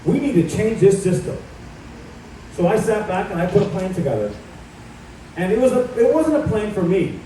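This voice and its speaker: A man's voice: high voice, warm tone, slight background noise. A middle-aged man giving a combative campaign speech at an event, telling stories about himself. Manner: combative, storytelling. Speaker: political candidate. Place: event hall. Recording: echoey hall from far off.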